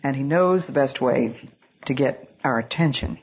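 A woman with a low, husky voice preaches a sermon on a dull, lo-fi recording. She speaks earnestly and reads scripture in a solemn, old-fashioned cadence. Her stories unfold steadily. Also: moderate pace. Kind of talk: sermon with storytelling.

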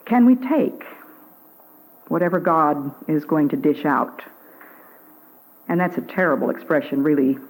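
An older woman giving a devotional talk on the radio, earnest and measured, pausing to stress single words. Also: lowish voice, darkish tone, low-quality recording. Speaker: Christian speaker.

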